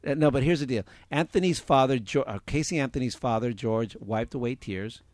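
A man's voice: medium pitch, fairly quick, a little mellow, dry recording. Rambling male podcast host, dry sound. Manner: rambling, full of restarts and laughs, reads out listener comments. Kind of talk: casual podcast chat.

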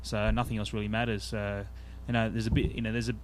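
A man's voice: fairly low pitch, flat delivery, fast talker, a little hiss or hum. A man from Australia, a musician guest, speaking earnestly and reflectively in a casual interview.

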